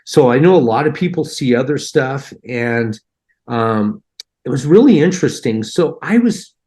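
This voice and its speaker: A man's voice: medium pitch, lively intonation, normal speed, a little mellow. A man earnestly recounting a personal near-death experience in a heartfelt, conversational way, acting out his own reactions.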